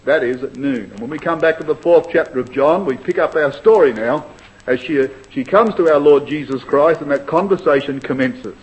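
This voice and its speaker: Male preacher, high animated voice, dull lo-fi tape. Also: normal speed. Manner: expository Bible preaching, addresses brethren and sisters. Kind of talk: sermon. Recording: dull lo-fi recording.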